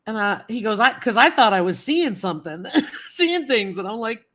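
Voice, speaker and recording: A woman hosts a casual livestream in a mid-range, slightly bright voice with lively intonation and normal speed. She chats in a rambling way, greeting viewers and answering chat comments as she goes, with stories full of fillers and repeats.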